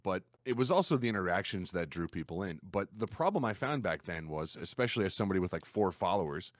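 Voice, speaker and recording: A man with a low voice, a streamer guest on a podcast, telling his stories in a lively, animated way. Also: dry recording, studio quality. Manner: animated storyteller, acts out quoted gamers in a raised voice. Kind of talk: casual podcast conversation.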